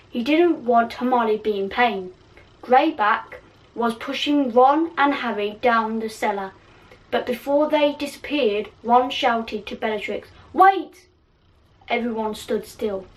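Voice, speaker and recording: A woman's voice: on the high side, recorded from a distance, rough recording. A woman reading her own fan fiction aloud in a casual way, giggling and poking fun at herself, stumbling over words. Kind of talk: casual story reading with asides.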